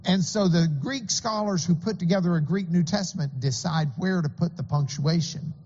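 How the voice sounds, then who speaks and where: A man's voice: high-pitched, moderate pace, darkish tone, big-room sound, muffled recording, slight background noise. A man preaching a sermon as pastor, earnest and explanatory, with occasional stammering restarts.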